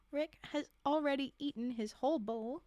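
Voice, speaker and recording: A young woman streamer reading a holiday story aloud, expressive, with chatty asides. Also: high-pitched, a little hiss or hum.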